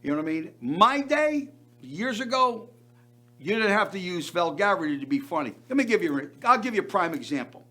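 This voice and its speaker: A man's voice: high-pitched, very animated, normal speed, sharp tone. An older man hosting a variety show, delivering an effusive showman's monologue and repeating words for emphasis.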